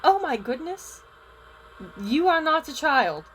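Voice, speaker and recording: Cast: a woman doing an indignant school principal, pitched up, scolding. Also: very animated, slow, a bit bright, a little hiss or hum, exaggerated voice, poor audio. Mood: stern.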